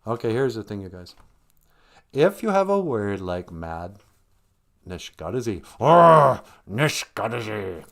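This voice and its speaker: Male livestream host; teasing, ironic humor, expressive delivery, lowish voice. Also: measured pace, pauses often. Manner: teasing, ironic, chuckles often. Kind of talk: joking livestream chat.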